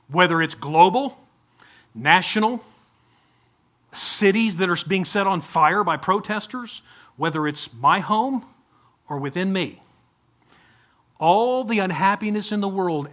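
A man's voice: sits high, a bit bright. A male pastor preaching a conversational sermon, often asking the congregation direct questions.

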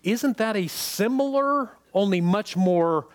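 A preacher with a high-pitched male voice delivers a sermon in an easy, conversational manner. He keeps asking the congregation whether they follow him and repeats words when he wants to stress a point. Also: expressive, takes it slowly.

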